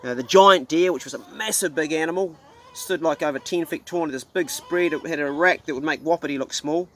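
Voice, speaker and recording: A man's voice: a little high, brisk, a bit bright, slight background noise. A middle-aged man with a New Zealand accent, a hunting vlogger ranting casually to camera in a blunt, profane, folksy way.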